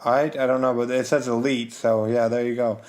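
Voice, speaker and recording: A man co-hosting a casual game podcast, easygoing, reading out funding details and gently correcting his co-host. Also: mid-range voice, little pitch movement, brisk. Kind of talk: casual chat previewing crowdfunded games.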